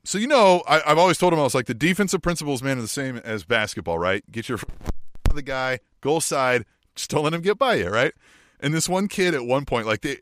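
A man, co-hosting a podcast in casual chat, telling stories with lots of swearing. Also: mid-range voice. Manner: animated storyteller, swears freely. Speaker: podcast co-host.

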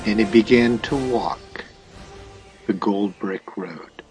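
A man narrating a storybook tale in a slow, expressive reading. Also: lowish voice, faint music behind.

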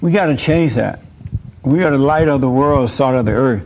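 In a laid-back faith discussion, the host spins stories with jokes and chuckles, growing preachy once he starts explaining. He speaks at a normal speed in a mid-range, darkish voice, with a little hiss or hum in the recording.

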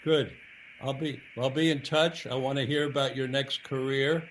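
A man hosting his own radio program, speaking earnestly and haltingly with repeated words as he wraps up an interview. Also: mid-range voice, fairly even intonation, fairly bright tone, slight background noise, rough recording. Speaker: radio show host.

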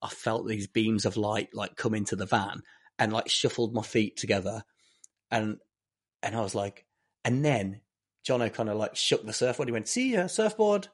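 Man telling an animated story. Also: fairly low pitch, moderate pace, husky. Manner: animated storyteller who acts out other people's lines. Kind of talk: casual storytelling chat.

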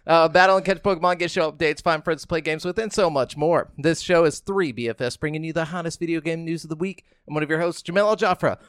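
A man's voice: fairly high pitch, fast, few pauses, clear, resonant tone, dry recording, clean studio sound. A man hosting a casual gaming podcast, running through the show intro with upbeat energy and joking, profane banter. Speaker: podcast host.

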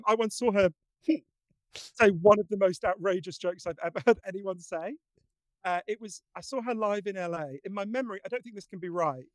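A man talking as a podcast guest, earnest and animated, telling stories with frequent restarts. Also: sits high, dry recording. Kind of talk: casual conversation.

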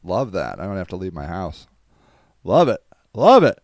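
A man's voice: sits low, huge pitch swings, moderate pace, dry recording, highs cut off. A tired man with a stuffy nose, hosting a podcast livestream and reading viewer comments in a rambling, casual way. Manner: rambling, restarts, reads viewer comments aloud. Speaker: podcast host reading live chat.

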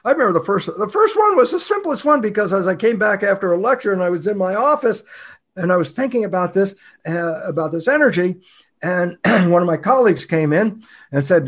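An older man, a scientist guest in a conversation, telling stories and acting out dialogue with sudden loud swings. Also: high-pitched, expressive, moderate pace, vocal fry. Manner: acts out dialogue, swings from quiet to loud exclamations. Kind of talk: animated storytelling in conversation.

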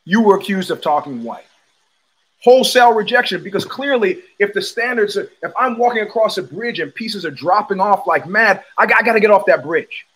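Animated male podcast host. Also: sits high, a little fast, poor audio. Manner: animated, emphatic, with frequent restarts and fillers. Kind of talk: casual monologue.

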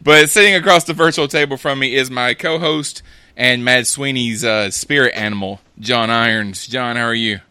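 A man hosting a podcast in casual chat, talkative and quick to laugh, correcting himself as he goes. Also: medium pitch, sharp tone, clean tone, no echo. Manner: chatty, laughs often, loose self-correcting delivery. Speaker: podcast host. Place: home setup on a remote call.

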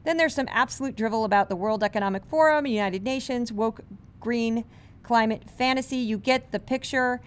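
A woman hosting a media commentary podcast, brisk, sarcastic and incredulous. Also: on the high side, clean tone. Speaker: podcast host.

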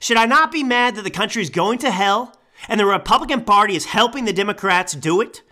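A man in his thirties rants angrily into a microphone as a podcast host. His voice sits high and swings widely in pitch. The tone is bright and forceful, close to a yell. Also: lively intonation, fairly quick. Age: 30s. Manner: angry, ranting, yelling. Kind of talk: political commentary rant. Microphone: studio microphone.

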